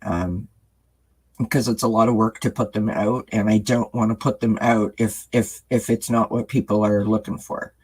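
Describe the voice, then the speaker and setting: Low, husky man chatting haltingly. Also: steady tone, rough recording. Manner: halting, full of ums and restarts; earnest and gentle. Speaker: tarot reader and channel host. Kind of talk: casual chat to viewers.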